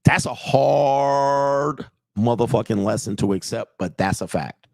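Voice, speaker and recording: A man in the middle pitch range talks straight into a dry, close mic, delivering a blunt, profane livestream rant as a dating coach. He repeats his points and keeps pressing his viewers to say whether they disagree. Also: unhurried, gravelly, a little mellow, no room sound. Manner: blunt, profane, repetitive, asks the audience for agreement. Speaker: dating and relationship coach streaming live. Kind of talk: casual livestream monologue.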